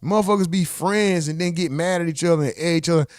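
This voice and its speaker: A man hosting a livestream, reacting to clips in casual, profane street slang, often mimicking other people's voices with sudden high jumps. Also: fast, clear, resonant tone, no echo, clean studio sound. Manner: profane, slangy street talk addressing chat.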